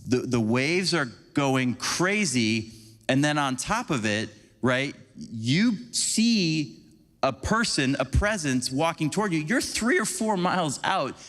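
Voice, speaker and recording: A man giving a conversational, animated sermon as a preacher, acting out little scenes for the congregation. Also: a little high, takes it slowly. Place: church sanctuary. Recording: long church hall reverb.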